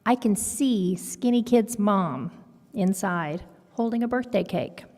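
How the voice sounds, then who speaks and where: A woman reading a picture book aloud to children at a worship service in an expressive, storytelling manner. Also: medium pitch, slow. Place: congregation sanctuary. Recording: long hall reverb.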